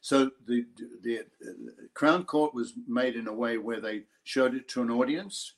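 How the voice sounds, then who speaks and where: An older Australian actor telling a lively story in an interview, acting out other people's voices. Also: male voice, mid-range voice, measured pace. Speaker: actor guest. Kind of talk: interview anecdote.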